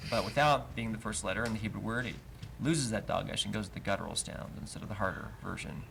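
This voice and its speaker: A man leads a live study class, patient and methodical, with plenty of ums. His voice is low and gravelly. The stream recording has a faint hiss. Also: fast talker, fairly bright tone. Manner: patient, explains step by step, many "um"s. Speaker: Hebrew teacher. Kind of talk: live Bible language class. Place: congregation classroom.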